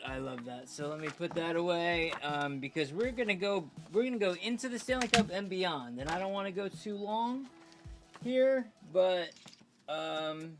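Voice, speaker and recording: A man's voice: on the high side, sharp tone. A man hosting a fan show, casually reading an old program aloud and breaking in with joking asides.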